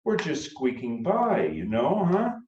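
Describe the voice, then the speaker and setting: A man voicing an excitable young man, a former recruit running a nursery, his voice jumping high and urgent. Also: takes it slowly, slight background noise, exaggerated voice. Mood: alarmed. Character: young male army recruit-turned-nursery owner, excitable. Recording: roomy, dull sound from far off.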